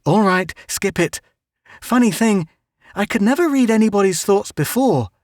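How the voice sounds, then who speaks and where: A man reads a storybook in clean studio sound with no room noise, voicing an earnest, clever young boy. His expressive delivery sits high, at normal speed, lifted somewhat above his own natural pitch.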